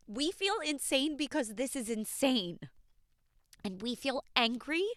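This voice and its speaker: A woman speaks in a candid, impassioned podcast monologue and swears freely. Her voice sits a little high and sounds smooth and clear. The recording is close and dry. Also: fairly bright tone, no echo. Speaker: podcast host. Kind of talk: unscripted personal podcast monologue.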